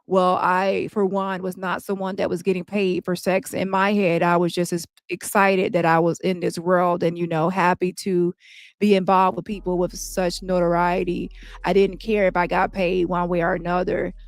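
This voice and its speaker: A woman's voice: on the low side, little pitch movement, dry recording, lightly acted. A woman reading a shaken male trial witness. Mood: recounting. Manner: plain, halting recounting.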